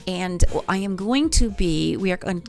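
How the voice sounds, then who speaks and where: A woman's voice: lowish voice, expressive, measured pace, vocal fry. A woman vocal coach talking on a livestream, encouraging her viewers and reading their comments aloud. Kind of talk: live-stream coaching talk.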